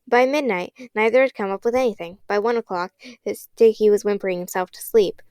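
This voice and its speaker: Smooth-voiced woman reading a storybook. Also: medium pitch, a little fast, few pauses, darkish tone, dry recording. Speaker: audiobook reader. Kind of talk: storybook audiobook narration.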